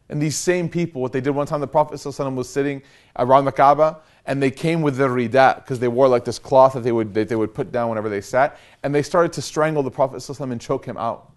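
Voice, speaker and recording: Brief: young male preacher, quick, animated, slangy storytelling. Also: medium pitch. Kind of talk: casual storytelling lecture.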